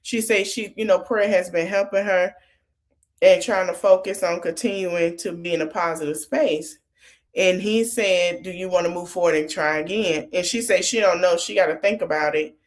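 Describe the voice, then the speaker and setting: A woman's voice: on the low side, moderate pace. A woman podcast host casually recapping a TV episode, retelling the scenes line by line in a loose, chatty way. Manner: retells scenes quoting each line of dialogue; loose, conversational with many fillers.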